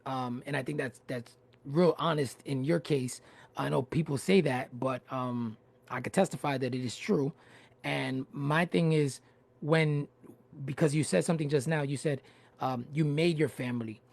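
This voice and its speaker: Gravelly man hosting, halting questions. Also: mid-range voice, darkish tone. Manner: halting, many fillers and restarts, easygoing. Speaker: host. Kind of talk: casual interview. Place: home, livestream.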